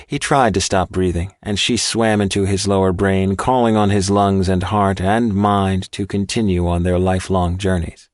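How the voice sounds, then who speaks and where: Here a man reads scripted audiobook narration at a measured, even pace, his voice sitting low. It has studio quality, with no room sound at all.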